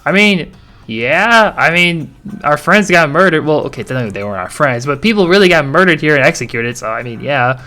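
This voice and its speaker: A man comments on a game he is playing, his pitch moving a lot as he rants. His talk is laid-back and slangy, and he swears freely. Game music plays faintly behind him. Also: lively intonation, a little fast, pushed and bright. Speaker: gaming channel host. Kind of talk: casual gaming reaction commentary.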